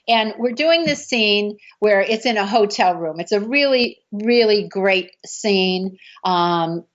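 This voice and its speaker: Speaking at medium pitch, she takes her time but stays animated as she tells a story from a film set, voicing the lines of others involved. She's a martial arts film actress, and the lo-fi audio sounds dull.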